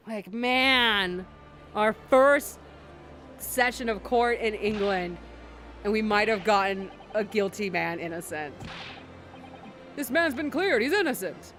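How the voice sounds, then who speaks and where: A woman's voice: on the high side, takes it slowly, a bit bright, a little hiss or hum. A woman streamer in casual game-stream chat, chatty and trailing off mid-thought, with faint game music behind.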